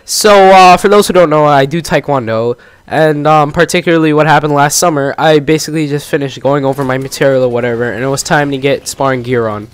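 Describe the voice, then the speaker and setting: A teenage guy chats through a long personal story, stumbling over his words and piling on fillers. His voice sits a little high. It is recorded close and dry, with no room sound. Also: brisk, smooth, no echo. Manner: rambling, lots of fillers and restarts. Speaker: gaming channel host. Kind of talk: casual storytelling commentary.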